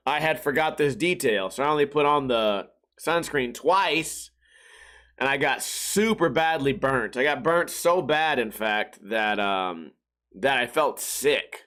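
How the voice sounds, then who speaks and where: A man's voice: mid-range voice, lively intonation, measured pace, fairly bright tone. A young man hosting a podcast, telling casual stories with lots of swearing and laughing at his own jokes. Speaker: podcast host. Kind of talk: casual storytelling monologue.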